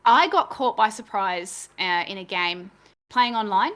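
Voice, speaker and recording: A woman's voice: medium pitch, lively intonation, unhurried, a bit bright. A woman chatting casually as a game master and co-host, talking in a chatty, self-deprecating way and laughing easily. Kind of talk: casual chat.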